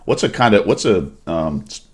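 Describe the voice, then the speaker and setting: A man's voice: low voice, big pitch swings, moderate pace, a crowd in the background. A man hosting a casual gaming talk show, laid-back and rambling, often enthusiastic. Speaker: podcast host.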